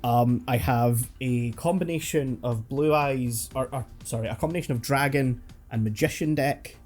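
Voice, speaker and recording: A man's voice: mid-range voice, moderate pace, a little mellow. Man, podcast host, patient explainer, casual chat, faint background music. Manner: patient, explains step by step with restarts. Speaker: host teaching the card game.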